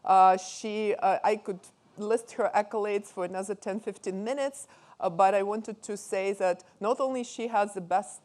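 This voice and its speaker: A woman with a Russian accent introducing speakers at a conference, halting with many fillers. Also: medium pitch, a little mellow.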